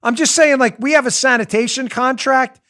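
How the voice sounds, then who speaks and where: A man's voice: very high voice, brisk, sharp tone, pitched above the performer's own voice. A man putting on the voice of a pushy mob enforcer, menacing while acting innocent. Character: pushy male mob enforcer shaking down a shop.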